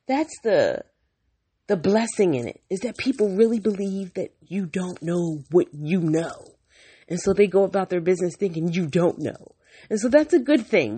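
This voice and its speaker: A woman's voice: fairly low pitch, darkish tone, husky. A woman talking frankly to the camera in a casual monologue, blunt and outspoken, now and then swearing, and acting out the people she quotes as she tells her story. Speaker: vlogger.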